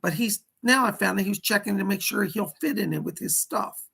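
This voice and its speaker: A man's voice: high voice, moderate pace, creaky, pushed and bright, breathy edge. A man hosting a casual psychic livestream, chatty and fussy, greeting viewers and scolding a pet companion.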